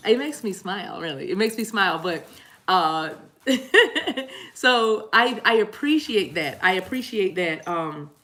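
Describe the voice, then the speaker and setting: A woman's voice: mid-range voice, lively intonation, measured pace. A woman reading tarot cards for her viewers in a casual live-stream chat. She rambles, laughs a lot and keeps saying "y'all". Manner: chatty, laughs often, warm "y'all" asides; rambling with restarts and apologies. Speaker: tarot reader.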